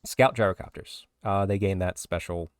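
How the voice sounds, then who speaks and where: Low-voiced man rattling off rule changes. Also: normal speed, clear, resonant tone, dry recording, studio quality. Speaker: podcast co-host. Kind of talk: casual podcast chat reading rules updates.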